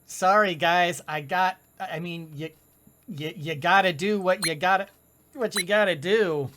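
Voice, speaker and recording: A woman's voice: on the low side, measured pace, a bit bright. A woman hosting a let's play, commenting on her game with dramatic groans, cries of dismay and frequent laughter. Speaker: gaming channel host.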